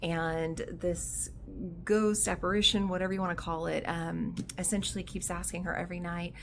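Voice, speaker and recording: A woman talking casually in a book vlog, excitable and giggly, with many fillers between her thoughts. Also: on the low side, normal speed, slight background noise. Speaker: book vlogger.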